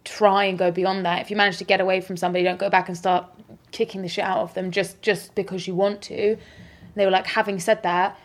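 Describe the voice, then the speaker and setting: A woman's voice: medium pitch, little pitch movement, a little fast. A woman co-hosting a podcast, chatting casually with direct, wry reactions. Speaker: podcast co-host. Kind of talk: casual chat.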